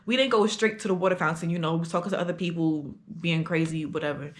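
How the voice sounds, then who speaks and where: A woman's voice: on the low side, steady tone, fast. A young adult woman telling a casual storytime for her vlog, talking in slang with lots of fillers. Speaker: vlogger.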